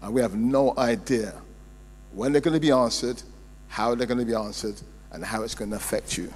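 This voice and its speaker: Pastor preaching in an echoing hall. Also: male voice, mid-range voice, moderate pace. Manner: preaching with sharp swings between loud emphasis and quiet storytelling. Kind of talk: sermon. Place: church hall. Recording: reverberant hall with mains hum.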